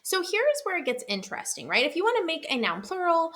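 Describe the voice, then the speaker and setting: A woman who trains teachers in literacy, explaining a spelling rule step by step and slowly sounding out each speech sound. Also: very high voice, sing-song, fairly bright tone. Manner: clear, patient, checks in with "right?". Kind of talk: instructional slideshow lesson.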